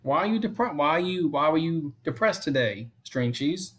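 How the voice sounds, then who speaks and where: A man hosting a fan live stream, giving casual play-by-play commentary, repeating the count and score often and chatting to viewers between pitches. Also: lively intonation, moderate pace, fairly bright tone.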